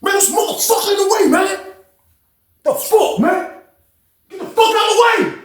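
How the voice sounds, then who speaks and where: A man voicing a drunk, hot-tempered older man, shouting in a high, angry voice. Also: moderate pace, very echoey.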